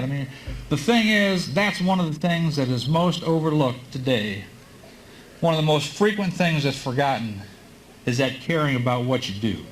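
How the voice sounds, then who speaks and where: A man's voice: fairly high pitch, lively intonation, a little hiss or hum, poor audio. Folksy man giving a commencement speech. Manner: folksy storyteller with frequent filler pauses. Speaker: commencement speaker. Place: high school graduation ceremony.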